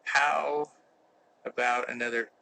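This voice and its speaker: Middle-aged man, casual live Q&A, mock-serious humor, very bright edgy tone. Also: medium pitch, steady tone, takes it slowly, creaky, poor audio. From United States. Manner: reads fan questions aloud, joking and mock-serious. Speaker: actor hosting a live Q&A. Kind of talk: casual live-stream chat. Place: indoor room with a window that does not open.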